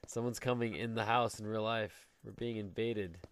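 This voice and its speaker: A man's voice: on the low side, steady tone, slow pace, clean tone, no room sound. A man hosting a casual game video, rambling and joking to himself as he builds. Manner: jokey, rambling, talks to himself while building. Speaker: Let's Play host. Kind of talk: casual gameplay commentary. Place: at home.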